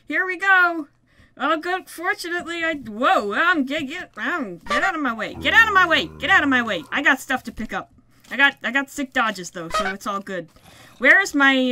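A woman giving excitable, yelping play-by-play commentary on a survival game session, often laughing at her own bad plan. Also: sits high, no room sound. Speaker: gaming video creator. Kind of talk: Minecraft let's play commentary.

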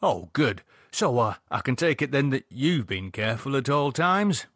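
A calm, sardonic bloke, voiced by a male narrator, talking in a husky voice that is recorded close and dry. He teases in an even, level-headed way, and his lines lift lively in a storybook reading. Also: mid-range voice, moderate pace, dry recording. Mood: wry. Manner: wry, teasing, level-headed. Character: dry, sardonic British man, calm and wry.

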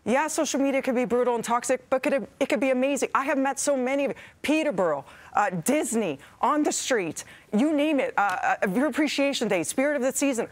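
A woman's voice: sits high, animated, brisk, few pauses. A woman co-host of a morning TV show, giving a heartfelt on-air farewell to her viewers. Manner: heartfelt, warm, fighting back tears. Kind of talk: emotional on-air farewell speech. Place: TV studio.

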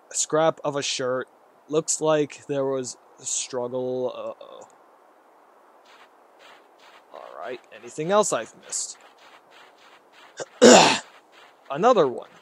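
A man's voice: mid-range voice, vocal fry. A man giving rambling commentary while playing a horror game, talking to himself and reacting aloud. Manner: rambling, jittery, talks to himself. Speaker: gaming YouTuber.

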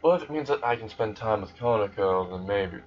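A man voicing a monotone, emotionless teenage boy in a retold fan story, in a flat deadpan delivery. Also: fairly low pitch, a little fast. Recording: dull lo-fi recording.

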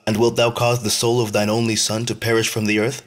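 A man's voice: lowish voice, completely flat delivery, a little fast, close to an everyday voice. A man reading the lines of Satan, disguised as a very old man, who scolds with reproachful questions in archaic speech.

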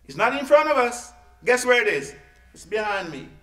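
Man, preacher, sermon, lively folksy delivery, bright tone, roomy church echo. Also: extremely high pitch, moderate pace. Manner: lively, folksy preaching with sudden loud peaks and hushed asides. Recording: echoey church room.

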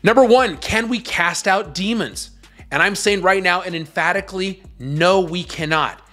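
A male host delivering preaching-style commentary with emphatic, scornful force. His voice sits a little higher than most men's, and faint music plays under it. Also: moderate pace, sharp tone.

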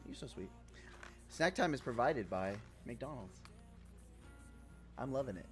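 A man live-streaming a game, talking casually with his chat in a loud, profane, playful way. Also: medium pitch, very animated, unhurried, faint music behind. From Puerto Rico.

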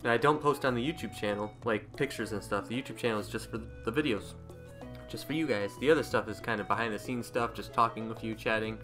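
A man's voice: fairly low pitch, quick pace. A man hosting his own gaming channel, chatting casually and thinking aloud as he plays, with faint game music underneath. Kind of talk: casual gameplay commentary.

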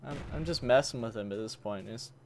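A man's voice: mid-range voice, a little fast. Man grumbling over game gunfire. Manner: grumbling, swaps swears for mild words, talks to enemies. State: voice worn from long recording. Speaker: gaming channel host. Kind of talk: casual gameplay commentary. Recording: game gunfire noise behind voice.

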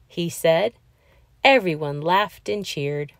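A woman reading a children's picture book aloud, in a slow, expressive storytelling voice. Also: low voice, no room sound, clean studio sound.

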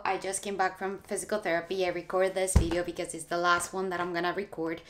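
A woman's voice: on the low side, level tone, fast talker, few pauses, very noisy. A woman in her twenties talking to camera in a casual vlog, chatty and emotional, gushing with thanks. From moved to the US as a teen. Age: 20s. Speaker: vlogger.

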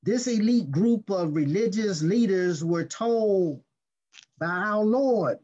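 A male pastor gives a sermon, reading scripture and explaining it with deliberate stress on key words. His voice sits high, and he takes his time over each phrase. The recording is dull and lo-fi. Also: mellow. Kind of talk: sermon teaching.

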